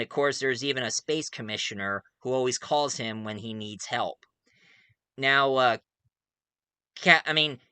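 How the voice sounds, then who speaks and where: A man's voice: medium pitch, bright, forceful tone, clean tone, no room sound. A man casually talking about his audio drama project, rambling enthusiastically and often correcting himself. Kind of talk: casual video monologue.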